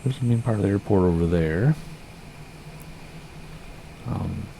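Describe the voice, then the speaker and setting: A man streaming a flight simulator, chatting casually and rambling, with a slightly hoarse voice. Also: sits low, a little slow, dark tone, a little hiss or hum. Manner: chatty, rambling, self-correcting. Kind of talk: casual gameplay commentary.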